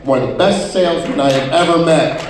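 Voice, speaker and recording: A man's voice: fairly high pitch, fairly quick, background noise. Profane stand-up man in a roomy venue. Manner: profane storytelling with many acted-out quotes. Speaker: stand-up comedian. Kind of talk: stand-up comedy set. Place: live comedy venue. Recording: roomy venue sound from far off.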